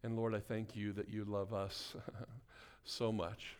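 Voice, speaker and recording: A man's voice: fairly low pitch, level tone, takes it slowly, a little mellow, smooth. A pastor preaching a sermon and praying before his congregation, calling for amens and building to emphatic exhortation. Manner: call-and-response, rising to emphatic exhortation. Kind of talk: sermon with prayer. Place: church sanctuary before a congregation.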